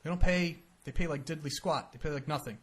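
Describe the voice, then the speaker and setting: A man's voice: a little high, fast talker, slight background noise. An American man co-hosting a casual podcast chat, rambling and acting out quotes in silly voices. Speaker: podcast co-host.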